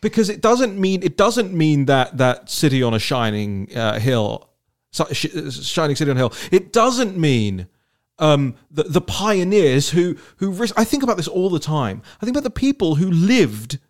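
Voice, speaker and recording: Man, podcast host, higher-pitched voice, animated, rambling, repeats words. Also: moderate pace. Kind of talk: political talk-show conversation.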